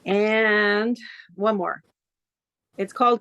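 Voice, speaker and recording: A woman poet at an open mic, reading her own poems over a phone on a video call in an earnest, measured way, with casual chat in between. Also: medium pitch, fairly bright tone, no echo, muffled recording.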